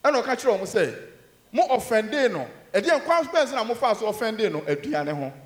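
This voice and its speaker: A Ghanaian man preaching in a church, his fairly high voice ringing in a roomy hall. He preaches emphatically, rising loud on key points and dropping to low murmurs. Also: very animated, fairly quick. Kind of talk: sermon mixing Twi and English.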